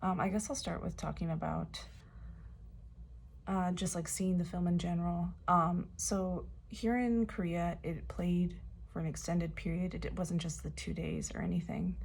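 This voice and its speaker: A woman chatting casually as a fan vlogger, hoarse and losing her voice, with lots of fillers and soft laughs. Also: on the low side, fairly even intonation, normal speed. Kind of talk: casual chat.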